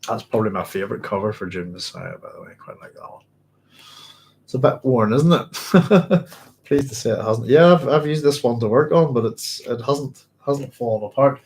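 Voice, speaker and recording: A man's voice: mid-range voice, a little mellow, slight background noise. A man hosting a live-streamed book club, reading passages aloud, then musing informally and answering viewers' comments.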